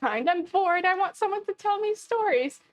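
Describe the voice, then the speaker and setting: A woman's voice: very high-pitched, animated, normal speed, over music. A young woman streamer reading game dialogue aloud, often breaking into giggles. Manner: giggly, keeps breaking into laughter while reading.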